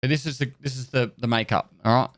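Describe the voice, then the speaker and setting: A man talking loosely to his stream audience at a middle pitch. He rambles, restarts words and laughs at himself. The sound is close and dry, with no room around it. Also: fairly even intonation, fast, dry recording. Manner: rambling, stumbling over words, laughing and swearing. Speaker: livestreamer. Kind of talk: casual chat with chat.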